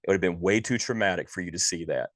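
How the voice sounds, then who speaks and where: Male podcast co-host, very low voice, dry close sound, exasperated and profane ranting. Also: fast, fairly bright tone, no room sound. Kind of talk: casual movie review chat.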